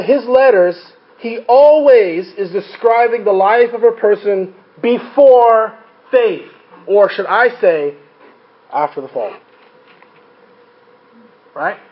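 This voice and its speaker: A man teaching a Bible study class, who keeps checking in with his listeners with quick "right?" questions. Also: high voice, lo-fi sound. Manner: frequent rhetorical checks like "right?".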